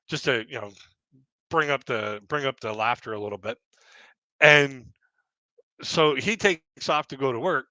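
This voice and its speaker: A man's voice: mid-range voice, sharp tone, no room sound. A middle-aged man doing casual stand-up storytelling, rambling and chuckling at his own jokes. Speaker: stand-up comedian. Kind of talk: casual stand-up storytelling on a live audio panel.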